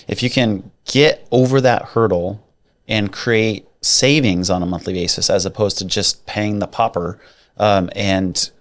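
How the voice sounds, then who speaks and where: A man co-hosting a casual podcast about mortgages, talking in an animated way with jokey asides and emphatic repeats. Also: lowish voice. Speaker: podcast co-host, mortgage adviser. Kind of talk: casual chat.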